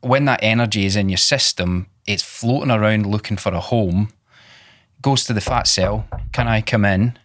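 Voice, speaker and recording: Low-voiced doctor, dry close sound. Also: male voice, moderate pace, fairly bright tone, no echo. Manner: explains to patients with plain everyday examples. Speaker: cardiologist podcast co-host. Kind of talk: casual podcast chat.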